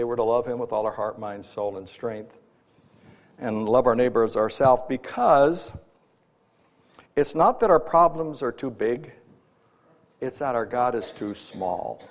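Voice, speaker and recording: A man's voice: medium pitch, darkish tone. A man who works as an executive life coach, giving a conversational Christian teaching talk at an event, with frequent fillers and restarts.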